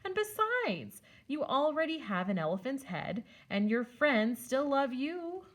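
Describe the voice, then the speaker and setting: A woman voicing a small, squeaky male magical mouse who is a loyal friend, in a storybook read-aloud. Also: sing-song, a little slow, full character voice. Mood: reassuring. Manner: squeaky, urgent warnings.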